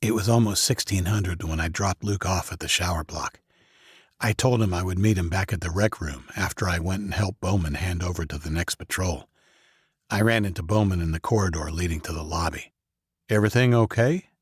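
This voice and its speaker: A man's voice: low voice, fairly quick, breathy edge, dry recording, studio quality. A man narrating a first-person audiobook, voicing every character himself.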